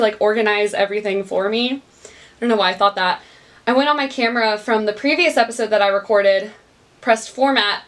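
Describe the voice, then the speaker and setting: A woman's voice: on the high side, a bit bright. A young woman hosting her own podcast, upbeat and bubbly, laughing often and talking straight to her listeners. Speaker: podcast host. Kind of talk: casual solo podcast chat. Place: small recording studio.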